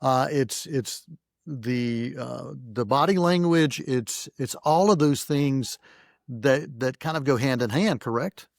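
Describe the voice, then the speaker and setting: A man hosting an interview, asking measured, thoughtful questions. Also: medium pitch, creaky, no room sound, clean studio sound. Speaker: podcast host. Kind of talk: interview conversation.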